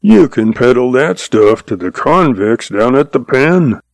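A man's voice: medium pitch, lively intonation, a little slow, creaky, no echo. A man voicing a hot-tempered outlaw cowboy who sneers and raves. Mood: sneering. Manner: sneering, raving.

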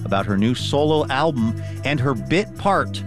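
A man hosting a radio show, reading brisk, friendly segment links. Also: mid-range voice, animated. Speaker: radio host. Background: music.

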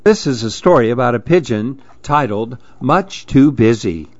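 A man reading a children's storybook aloud in a calm, measured way. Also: mid-range voice, dry recording, highs cut off.

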